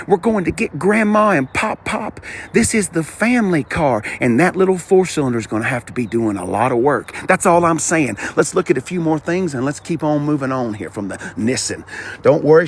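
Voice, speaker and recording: A man vlogging on a car dealership lot, chatty and animated, talking to the cars and his viewers. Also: a little high, a little hiss or hum. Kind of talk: live-streamed dealership walkaround.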